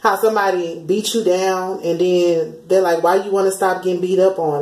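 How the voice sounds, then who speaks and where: A woman's voice: lowish voice, fairly even intonation, moderate pace, hardly any pauses, mellow, reverberant, rough recording. A woman, chatting casually as she passes on spiritual channeled messages, often slipping into quoted voices. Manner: chatty, laughs often, slips into sung lines and quoted voices.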